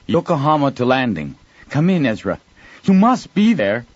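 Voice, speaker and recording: A man's voice: medium pitch, sing-song, normal speed, dry recording, lo-fi sound, pitched above the performer's own voice. A man voicing a woman officer stranded aboard a crippled starship, keeping her replies level and dutiful. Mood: steady.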